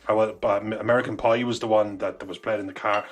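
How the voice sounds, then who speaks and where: A man's voice: lowish voice, fairly even intonation, fast talker, muffled recording, faint music behind. A man co-hosting a podcast, talking in a rambling way with many fillers and restarts. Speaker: podcast co-host. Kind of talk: casual chat.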